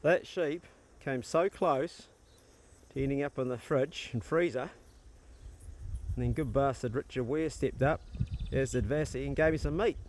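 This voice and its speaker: A man's voice: mid-range voice, unhurried, pauses often, slight background noise. A middle-aged New Zealand man with a New Zealand accent, chatting casually and bluntly while filming his farm chores on a handheld phone outdoors. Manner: laid-back, chatty, blunt and joking. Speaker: vlogger. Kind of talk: casual rural vlog narration. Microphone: handheld phone or camera.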